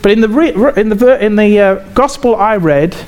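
A man with an English accent preaching a sermon in a conversational way, halting and often repeating himself. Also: high voice, lively intonation, darkish tone. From England.

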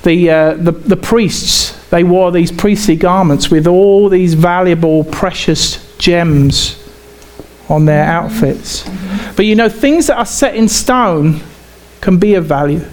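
A man's voice: sits high, darkish tone. English preacher repeating his phrases. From England. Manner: conversational, halting, repeats phrases. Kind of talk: sermon.

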